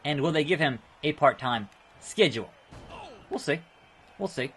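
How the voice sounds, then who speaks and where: A man's voice: on the high side, lively intonation, moderate pace, a little hiss or hum. Chatty male let's play host. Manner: chatty, reacts loudly to the game. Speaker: gaming video host. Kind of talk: casual let's play commentary.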